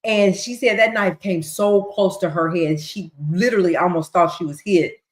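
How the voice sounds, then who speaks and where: With a lowish voice at a moderate pace, a woman runs a livestream where she recaps court testimony in a chatty way. She performs the quotes and adds ad-libs, and the recording sounds roomy and echoey.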